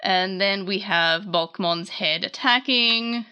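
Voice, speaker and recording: A woman hosting a casual manga chapter recap, chatty and animated, often correcting herself mid-sentence. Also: mid-range voice, slow pace, clean tone.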